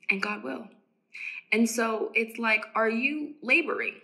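A woman casually preaching to camera as an evangelist, emphatic and repeating phrases for stress, sometimes dropping to a hushed near-whisper. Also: a little high, a little slow, vocal fry. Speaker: Christian evangelist.

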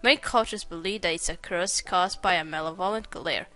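A scholarly male expert in a detective game explains an old artifact with a lecturing manner and French phrases. A woman reads him aloud in her own voice. The sound is bright, with faint music behind. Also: fairly low pitch, a little fast. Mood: erudite. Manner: erudite, lecturing.

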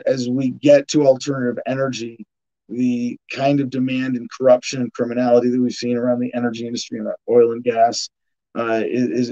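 A man's voice: medium pitch, warm tone, muffled recording. A man hosting a podcast, reading headlines and riffing on them sarcastically, with frequent restarts and laughs. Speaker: podcast host. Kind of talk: casual news commentary.

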